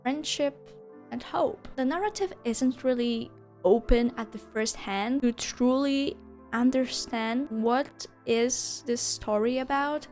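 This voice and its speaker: A young woman with a slightly high voice raves about a game in a loose, casual review. She swears freely and laughs between thoughts, and faint music plays underneath. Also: takes it slowly, a little mellow. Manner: gushing, swears and laughs often.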